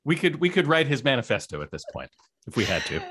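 A man's voice: medium pitch, big pitch swings, fast talker, a bit bright, breathy edge. Guy cohost joking around, wry, voice swoops up and down a lot. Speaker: podcast co-host. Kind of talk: casual chat.

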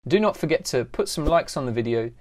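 A man telling a first-person animated story in scripted narration. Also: fairly high pitch, fast talker.

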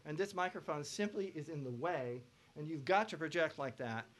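Guy running a vocal masterclass, kinda high voice, gets loud and animated, sings bits to show stuff. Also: normal speed. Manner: animated, belts out sung examples. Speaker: vocal production instructor. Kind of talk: masterclass lecture to students.

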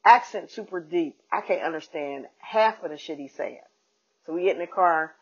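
A woman comedian and podcast host telling a casual, animated story and acting out the people in it. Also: low voice, moderate pace, breathy edge. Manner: animated, acts out quoted people. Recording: dull lo-fi podcast audio.

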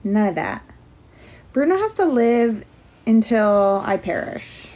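Young woman, casual livestream chat, rambling, filler words, slightly high voice, at home. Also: sing-song, slow pace, mellow.

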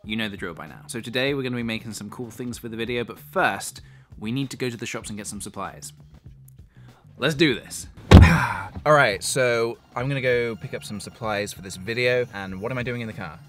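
Young aussie guy goofing around in a vlog, mid pitch, music going behind him. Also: fast talker, fairly bright tone. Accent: Australian. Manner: goofy, playful, self-amused. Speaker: YouTube creator. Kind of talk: jokey behind-the-scenes vlog. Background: background music.

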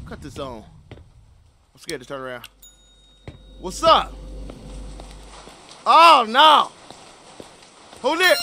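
A man playing a horror game and commentating, excitable and slangy, yelping when startled. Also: fairly high pitch, slow, pauses often, background noise. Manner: casual slangy banter. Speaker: gaming streamer.

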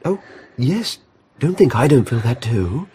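An eager young suitor, lively and boyish, faint hiss behind. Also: male voice, medium pitch, measured pace. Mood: delighted. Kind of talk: radio play acting.

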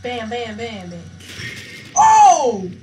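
A woman giving excitable, slangy live gameplay commentary as a channel host, often bursting into loud shouts. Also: a little high, normal speed, soft background music. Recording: echoey room with faint noise.

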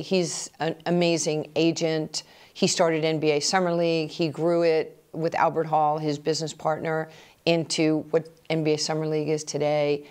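A middle-aged woman telling personal stories in an animated way, acting out remembered conversations. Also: deep voice, clear, resonant tone. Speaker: interviewee. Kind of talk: personal storytelling.

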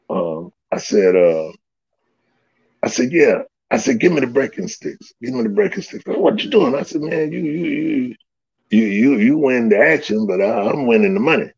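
Gravelly animated man telling a story. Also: fairly low pitch. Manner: animated, laughing, swearing, acts out quotes. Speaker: storyteller guest. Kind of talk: casual storytelling. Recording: dull lo-fi recording.

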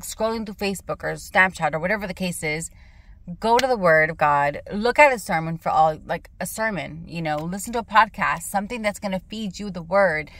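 A woman running a Christian ministry, talking casually and emphatically about faith in a vlog from her parked car. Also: lowish voice. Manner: animated, emphatic retelling.

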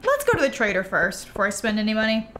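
Fast-talking with a wildly swooping pitch, a young woman with a mid-range, fairly bright voice chats casually and bubbly with viewers while playing a farming game. Gasps and trailing asides fill her talk, with music in the background and a little hiss or hum.

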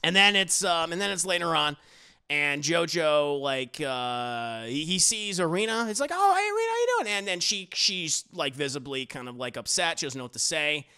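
A man casually recapping a TV episode, animated and profane, acting out the scenes as he goes. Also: a little high, normal speed, clear, resonant tone. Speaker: TV reviewer.

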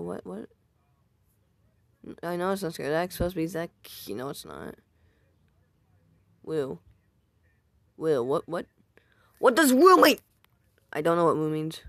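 A YouTuber reads viewer comments and reacts aloud in a casual, rambling, self-deprecating way. The voice is mid-range with vocal fry, recorded dry on a home mic with no echo.

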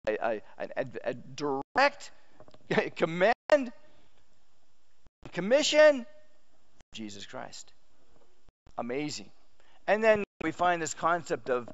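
A male pastor preaching a sermon, telling the story with lively emphasis and frequent restarts. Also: medium pitch, dull audio.

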